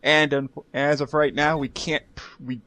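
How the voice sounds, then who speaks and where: A man's voice: fairly high pitch, little pitch movement, moderate pace, bright, forceful tone, slight background noise. A young man in casual, joking gameplay commentary who laughs often and restarts his sentences. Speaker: let's play commentator.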